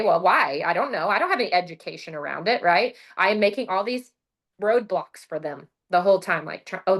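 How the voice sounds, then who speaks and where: A middle-aged woman with a somewhat low voice gives a casual motivational talk on a video call. She is an animated storyteller who acts out what she said. She keeps asking "right?" to draw listeners in. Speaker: presenter sharing her sales story.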